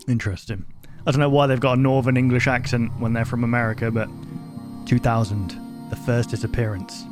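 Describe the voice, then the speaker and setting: Man reading horror text aloud, music behind. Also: medium pitch. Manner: reads in an even tone, breaks off with sudden loud exclamations. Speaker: reaction video host.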